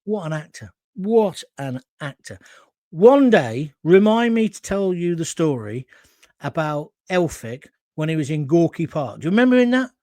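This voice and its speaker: A man's voice: fairly high pitch, very animated, moderate pace, darkish tone, dry recording. A middle-aged man hosting a live talk show, chatting through viewer comments and wandering into anecdotes.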